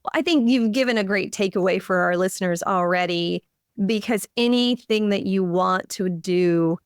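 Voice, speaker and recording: A woman hosts a business podcast in a low, smooth voice. She is encouraging and emphatic, cheering on her guest. The recording is dry and close. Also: dry recording. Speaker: podcast host. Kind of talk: casual podcast interview.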